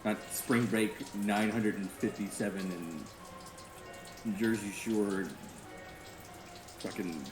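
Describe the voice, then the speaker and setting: A man's voice: on the low side, little pitch movement, slow, long pauses, over music. A man co-hosting a podcast in casual chat, swearing freely and rambling. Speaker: podcast co-host.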